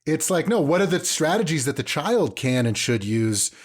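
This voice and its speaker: A man co-hosting a parenting podcast, chatting casually and joking as he mimics people. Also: moderate pace. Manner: lively, jokey, swings pitch when mimicking. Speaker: podcast co-host.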